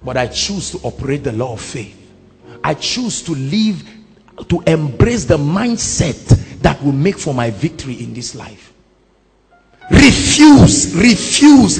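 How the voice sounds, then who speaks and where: Emphatic Nigerian preacher in a hall. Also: male voice, a little high, gravelly. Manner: emphatic, swinging between hushed and shouted. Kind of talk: sermon. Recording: sermon in a reverberant hall.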